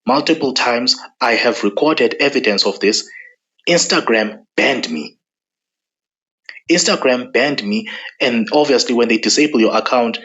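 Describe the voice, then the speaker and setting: A man's voice: lowish voice, muffled recording. A man giving an angry political monologue to camera, driving points home by repeating himself. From South Africa. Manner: forceful, repeats lines for emphasis. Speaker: political commentator.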